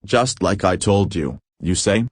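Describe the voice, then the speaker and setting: A man's voice: deep voice, lively intonation, a little slow, slightly rough, no echo, clean studio sound, exaggerated voice. A man voicing a stern male prison governor who speaks in a curt, scathing way. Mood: stern, scornful.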